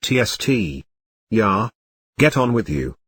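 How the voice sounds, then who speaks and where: A man doing a gruff, impatient coachman. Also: on the low side, sing-song, slow pace, fairly bright tone, no room sound, full character voice. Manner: gruff, cursing at horses. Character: gruff, impatient male stagecoach driver.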